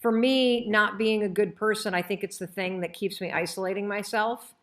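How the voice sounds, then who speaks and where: Middle-aged woman giving a pep-talk training, crisp bright voice, chatty and punchy. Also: mid-range voice, normal speed. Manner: energetic, chatty, emphatic. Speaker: host and coach.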